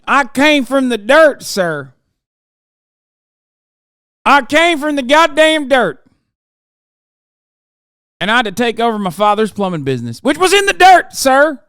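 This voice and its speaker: A man's voice: a bit bright, smooth, no room sound, clean studio sound, heavily acted. A man putting on a mocking impression of a fawning, bootlicking male senator who keeps saying "sir". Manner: shrill, groveling, drawn-out "sir".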